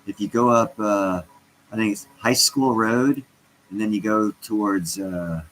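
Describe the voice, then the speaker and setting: A man's voice: lowish voice, moderate pace, sharp tone, a little hiss or hum, poor audio. A stoned man chatting casually on a livestream, rambling and interrupting himself as he talks to his viewers. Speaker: crypto vlogger.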